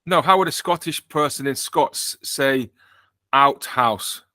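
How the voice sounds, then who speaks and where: Bright-voiced joking British podcast host. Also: male voice, medium pitch, takes it slowly, no room sound. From Britain. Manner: joking, rambling with self-corrections. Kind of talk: casual chat.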